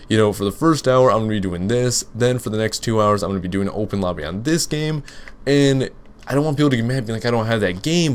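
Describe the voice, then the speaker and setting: A young man who makes gaming videos, answering viewer questions while playing, rambling with lots of fillers and restarts. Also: lowish voice. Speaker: gaming YouTuber. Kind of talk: casual Let's Play commentary with Q and A.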